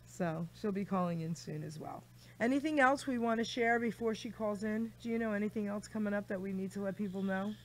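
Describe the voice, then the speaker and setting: A woman's voice: medium pitch, brisk. A woman hosting a radio show, chatty and gushing with her guest, reading out a rhyming poem. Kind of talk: casual radio chat.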